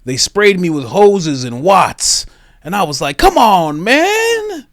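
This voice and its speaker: A rambling old politician spins folksy tall tales and boasts without pause, as a man does the impression. His pitch sits a touch high and swings widely, and the room sounds dry and close. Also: sing-song, fairly bright tone, no echo, exaggerated voice. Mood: boastful.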